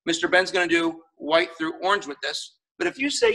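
A man's voice: a little high, animated, fairly quick, sharp tone, recorded from a distance. A man teaching an online martial arts class, calling out drills and encouraging students in a casual, upbeat way. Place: martial arts studio, indoors. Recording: echoey studio, voice from off-mic.

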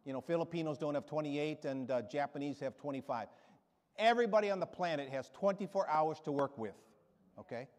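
A little high and darkish, his voice moves fairly quickly through a rousing sermon. The guest preacher is in his seventies, emphatic and given to storytelling asides, recorded in a reverberant church sanctuary.

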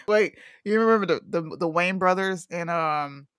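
A woman's voice: fairly low pitch, slow, no room sound, clean studio sound. A woman co-hosting a casual online talk show, goofy and jokey, talking over a video call. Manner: goofy, animated, jokey asides. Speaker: podcast co-host. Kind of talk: casual chat.

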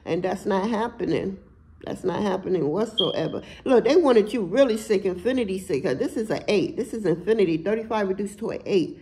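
A woman's voice: medium pitch, brisk, dark tone, slight background noise, poor audio. Woman tarot reader, blunt and profane, emphatic casual delivery, mid-range voice.

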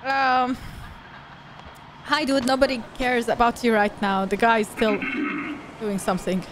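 A woman hosting a reaction video, commenting excitedly, laughing often and calling her viewers "bros". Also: on the high side, a little slow, noisy background. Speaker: YouTube reaction host.

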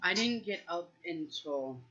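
A woman chats in a relaxed, storytelling way. Her voice sits low but has a bright, forceful edge, and the recording sounds dull and lo-fi. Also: a little slow. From Ohio, USA. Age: 40s. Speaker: parent and channel host. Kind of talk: casual home chat while gaming.

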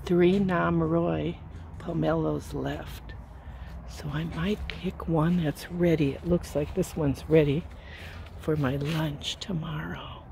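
A woman's voice: low-pitched, steady tone, slow pace, vocal fry, dark tone, slight background noise. A woman hosting a casual garden vlog outdoors, playful and chatty. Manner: playful, whispers at times. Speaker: channel host.

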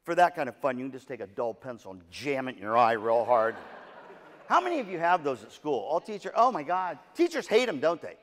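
A man's voice: medium pitch, very animated, a little fast, fairly bright tone. A man giving a humorous, story-driven keynote talk to music teachers, joking and self-deprecating, recorded in a large conference hall. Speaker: keynote speaker to band directors. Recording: long reverb of a large hall.

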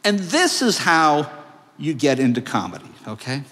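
A man in his sixties accepting an award on a large theater stage, telling comic stories in an animated, jokey way. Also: fairly high pitch, normal speed. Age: 60s. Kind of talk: stand-up storytelling. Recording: long reverb of a large theater.

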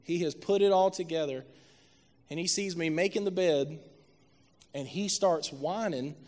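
A man preaching a sermon as a pastor, telling a family story and building to loud, impassioned preaching. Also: a little high, a little slow. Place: church sanctuary. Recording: reverberant church hall.

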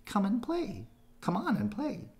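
A man voicing an excitable young male rabbit in a storybook read-aloud, chattering eagerly. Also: sits high, a little slow, pitched above the performer's own voice, full character voice.

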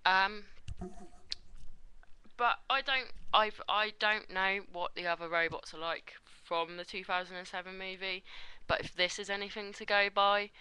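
A woman's voice: on the low side, sharp tone, clean tone. A woman giving a casual, blunt toy review on a poor built-in microphone, swearing constantly and muttering as she handles the toy.

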